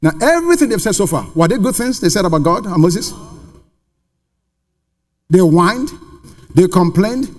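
A man's voice: high-pitched, big pitch swings, moderate pace, long pauses. A man preaching a sermon to a congregation in a church, emphatic and full of rhetorical questions. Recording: long reverb of a large hall.

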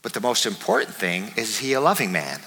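A man preaching a sermon as pastor, emphatic, repeating his key words and swinging between soft and loud. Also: on the low side, very animated, a little fast, big-room sound, low-quality recording.

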